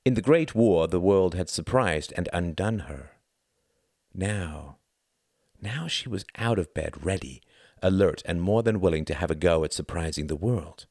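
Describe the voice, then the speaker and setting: A man narrates a novel with a deep, low voice and lively, expressive ups and downs in pitch. The sound is very close and dry, with no room around it. His storytelling stays measured and animated. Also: no room sound. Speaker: audiobook narrator. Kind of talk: scripted narration.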